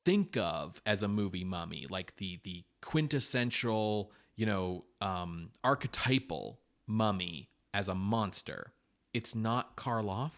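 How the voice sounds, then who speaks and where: Animated, deep-voiced male podcast co-host. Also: slow. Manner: animated, swearing, acts out quotes. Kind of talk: casual podcast chat.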